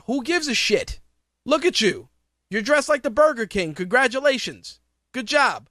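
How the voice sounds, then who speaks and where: A man's voice: very high voice, sing-song, measured pace, bright, forceful tone, no echo, studio quality. A man hosting a podcast, ranting profanely and sarcastically in opinionated wrestling talk. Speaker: podcast host.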